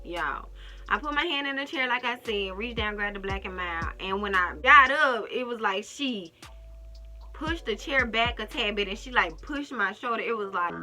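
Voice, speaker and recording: A woman with a very bright, sharp-edged voice tells a workplace story straight to her viewers. She speaks casually but with life, acting out every exchange, and faint music plays underneath. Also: on the high side, normal speed. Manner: animated, talks straight to viewers, acts out quotes. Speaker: storytime vlogger.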